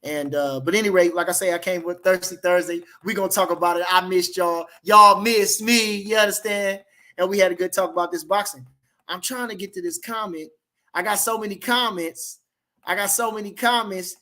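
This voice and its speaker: Man, AAVE, boxing livestream host. High, bright voice; loose and slangy, repeats lines for emphasis. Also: steady tone, a little fast. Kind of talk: casual livestream chat reading comments.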